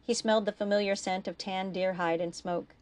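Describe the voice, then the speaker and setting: A woman reading her own fiction aloud in a steady, expressive storytelling voice. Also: medium pitch, a little fast.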